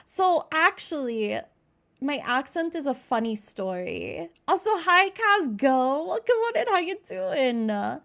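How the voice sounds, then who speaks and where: A woman's voice: sits high, very animated, slow, creaky, fairly bright tone. A young American woman streaming live, chatting casually, greeting viewers by name and laughing at herself. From United States.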